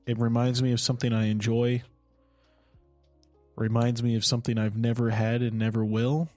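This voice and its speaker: A man's voice: mid-range voice, flat delivery, moderate pace, darkish tone, no echo, faint music behind. Brief: laughing, joking man, podcast co-host, dry studio sound. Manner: joking, laughs often, riffs on ideas. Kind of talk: casual comedic chat.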